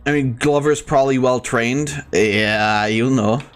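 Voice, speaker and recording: A man's voice: mid-range voice, measured pace, clean tone. A man streaming a video game, giving casual commentary full of crude jokes and frequent bursts of laughter. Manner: crude joking, breaks into laughter. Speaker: gaming streamer. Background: faint game music.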